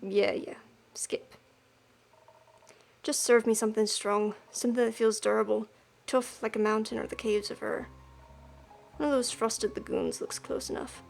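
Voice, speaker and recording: A woman voicing a gruff, tough male adventurer who talks bluntly and wants strong drink. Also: a little high, level tone, moderate pace, pauses often, a little mellow, slight background noise. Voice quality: blunt, curt.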